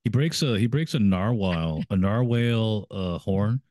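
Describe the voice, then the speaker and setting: A man chatting casually on a podcast about a TV episode, explaining and speculating, quick to agree. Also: on the low side, lively intonation, darkish tone, no room sound, studio quality. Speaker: podcast co-host.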